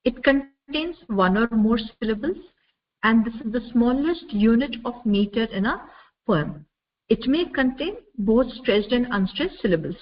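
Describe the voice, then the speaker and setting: A woman from India giving a measured university lecture over slides, explaining step by step with frequent "uh" fillers. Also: fairly high pitch, lively intonation. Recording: dull lo-fi recording with faint noise.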